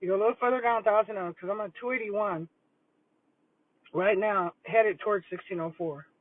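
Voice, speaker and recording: A woman's voice: mid-range voice, normal speed, dry recording. Older woman, rambling livestream chat. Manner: rambling, chatty, talks while eating. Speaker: retired school principal vlogger. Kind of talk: casual livestream chat over lunch. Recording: tinny phone-like dry audio.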